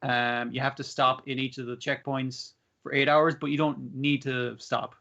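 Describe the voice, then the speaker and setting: A man's voice: medium pitch, normal speed, vocal fry. Sweary man on a muffled podcast. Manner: sweary, animated retelling. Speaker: podcast co-host. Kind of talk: casual chat.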